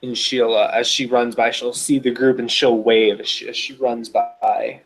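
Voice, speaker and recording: A man's voice: medium pitch, little pitch movement, moderate pace, faint music behind. Rambling man describing his character. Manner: rambling, filler-heavy, self-interrupting. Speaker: player. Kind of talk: casual tabletop narration.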